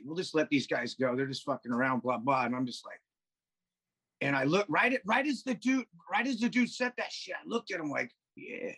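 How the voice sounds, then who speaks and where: A man with a slightly raised, husky voice tells rambling, swear-laden stories as a podcast guest. He talks over a video call in a loose, casual chat. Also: on the high side, sharp tone, poor audio. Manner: profane, rambling storyteller.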